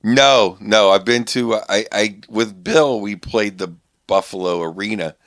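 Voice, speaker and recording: A man's voice: on the low side, a little slow, a bit bright, dry recording, clean studio sound. A middle-aged man from Pittsburgh, a comedian guest telling stories in casual podcast chat, rambling with many restarts.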